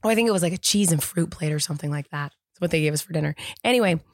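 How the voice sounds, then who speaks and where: A woman's voice: sits low, rapid-fire, dry recording. A woman co-hosting a podcast, telling rambling stories in casual chat. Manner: chatty, storytelling, rambling asides. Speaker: podcast co-host.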